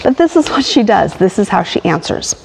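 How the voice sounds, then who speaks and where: A woman pastor who reads a poem aloud and then preaches a sermon with lively emphasis. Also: mid-range voice, fairly quick, vocal fry, a little hiss or hum. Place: church sanctuary. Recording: long hall reverb.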